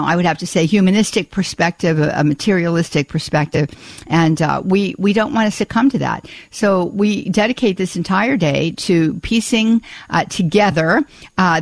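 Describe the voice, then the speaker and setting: A woman's voice: on the low side, no room sound. A woman hosting a live call-in radio show, talking in a chatty way with many filler uhs and restarts. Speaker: radio talk show host.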